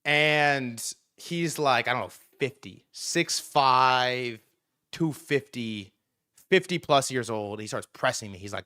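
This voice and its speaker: Young man, livestream host, casual storytelling, bright forceful tone, dry close sound, lots of fillers. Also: slow, no room sound. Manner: animated, lots of fillers and repeats, jumps high when quoting himself.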